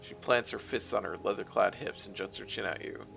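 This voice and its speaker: A man's voice: fairly low pitch, brisk, gravelly, over music. A man streaming a game, reading its text aloud with wry, offhand asides.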